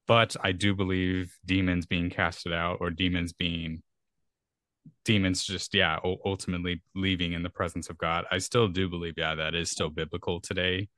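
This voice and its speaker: A man's voice: low-pitched, fairly bright tone, no echo, clean studio sound. A young man co-hosting a podcast, talking earnestly in a rambling, casual way with frequent restarts. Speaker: podcast co-host. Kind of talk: casual conversational discussion.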